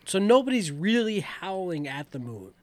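Man, young adult, podcast co-host, laid-back, lively pitch, dry close sound. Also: normal speed, no room sound. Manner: laid-back, short replies and wisecracks. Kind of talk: casual chat.

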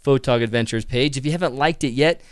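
A man's voice: mid-range voice, quick pace, clear, resonant tone, no echo, studio quality. A man co-hosting a live podcast, upbeat and chatty, talking casually with his co-host. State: tired, out of breath. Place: indoors.

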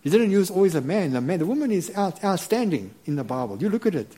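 A middle-aged man preaching a sermon, halting and earnest, with many repeated words and restarts. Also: high voice, very animated, mellow. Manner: earnest and reverent.

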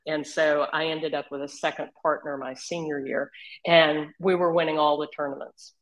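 An older woman with a Southern accent and an Oklahoma drawl, telling animated, laughing stories as an interview guest. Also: sits low, moderate pace, low-quality recording. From Northeast Texas region. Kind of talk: casual storytelling.

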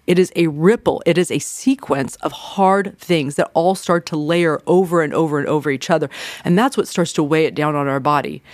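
A woman's voice: deep voice, moderate pace, a little mellow, dry recording. Middle-aged woman therapist just chatting, lots of kinda and like, dry voice. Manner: conversational, with frequent "kinda" and "like" fillers. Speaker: therapist and podcast host. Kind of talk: casual advice talk.

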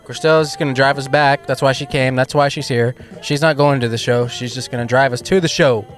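A man's voice: mid-range voice, steady tone, fairly quick, fairly bright tone, soft background music. A man hosting a casual live podcast outdoors in a venue line, joking and chatting into a handheld mic. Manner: joking, chatty running commentary. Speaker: podcast host.

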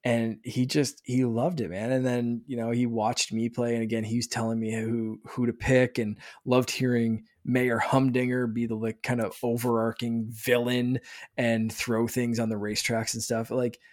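A man in his thirties talking in an easy podcast chat with a middle-pitched voice. He gets excited and rambles, stumbling and restarting his sentences as he goes. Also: moderate pace. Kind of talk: casual chat.

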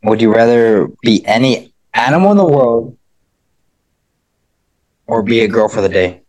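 A man's voice: medium pitch, lively intonation, unhurried, darkish tone, no echo. A young man co-hosting a casual podcast, defensive and insistent, saying bro a lot. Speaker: podcast co-host.

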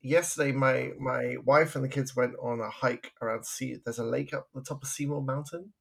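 A man's voice: medium pitch, steady tone, moderate pace, gravelly. A man, co-hosting a podcast, telling stories in a chatty way and laughing often. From England. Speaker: podcast co-host. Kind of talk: casual podcast chat.

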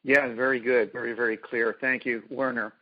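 A man's voice: medium pitch, flat delivery, normal speed, husky. A man hosting a radio interview, affirming his guest and reading a quote from the guest's book aloud. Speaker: radio host. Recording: dull dry radio audio.

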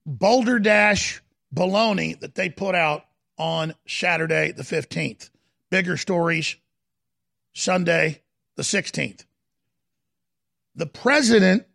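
A man hosting a studio talk show, giving heated political commentary in an emphatic, dramatic way, slowing down to stress points and at times rising to a shout. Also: sits high, animated, no echo. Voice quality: gravelly. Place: broadcast studio.

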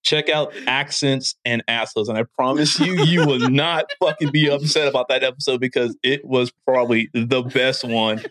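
A man's voice: mid-range voice, steady tone, normal speed, hardly any pauses, a bit bright, dry recording. A man hosting a podcast, talking in casual, profane, rambling chat and laughing often. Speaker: podcast host.

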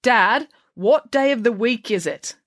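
Woman voicing a deadpan schoolgirl detective, crisp and dry. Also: fairly high pitch, measured pace, no echo, voice pushed up. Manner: precise, dry, matter-of-fact. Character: clever deadpan teenage girl detective.

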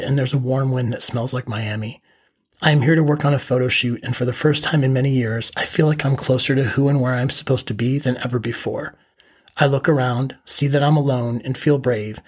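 Husky middle-aged male storyteller. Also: medium pitch. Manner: calm, matter-of-fact present-tense telling. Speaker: podcast host and storyteller. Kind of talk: first-person story narration.

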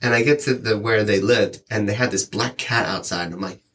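Man in casual chat, animated storyteller voicing customers' lines. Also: lowish voice, a little fast, slight background noise. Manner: rambling, animated, acts out quoted lines. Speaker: delivery driver sharing stories.

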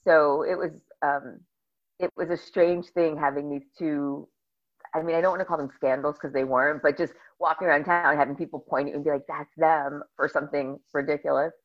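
Bubbly low-voiced woman telling stories. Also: moderate pace. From Northern New Jersey. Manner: bubbly, animated storyteller who acts out quotes. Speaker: podcast guest. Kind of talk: casual storytelling interview. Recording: slightly dull lo-fi audio.

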